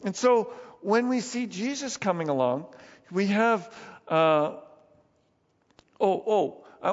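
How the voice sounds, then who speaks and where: A man preaching a sermon, animated and conversational, acting out Bible scenes as he goes. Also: on the high side. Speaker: pastor. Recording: dull sound with long hall reverb.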